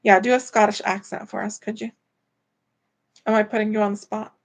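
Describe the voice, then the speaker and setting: Speaking brisk and flat at a medium pitch, a woman chats loosely on a casual home live stream. Indoors, she reads viewer comments aloud, wandering from topic to topic with plenty of fillers.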